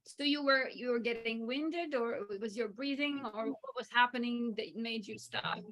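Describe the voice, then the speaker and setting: High-voiced woman asking follow-up questions. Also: moderate pace, fairly bright tone, poor audio. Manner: probing, asks follow-up questions. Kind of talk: casual interview questions.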